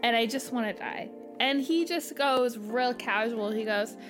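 A middle-aged woman co-hosting a podcast, telling a story in an animated, self-deprecating way. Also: fairly high pitch, unhurried, few pauses, over music. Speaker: podcast co-host. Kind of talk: casual storytelling chat.

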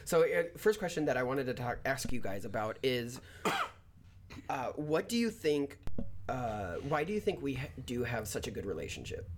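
A man's voice: mid-range voice, sing-song, normal speed, noisy background. A young man hosting a casual podcast chat with his brothers, laughing often and restarting his sentences. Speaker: podcast host.

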